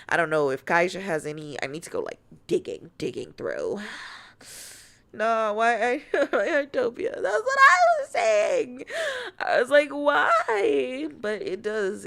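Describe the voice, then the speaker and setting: A woman's voice: sits low, a bit bright. American woman streamer, teasing chat, swears a lot, voice bouncing up and down. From United States. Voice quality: playful, teasing, swears freely. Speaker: VTuber streamer.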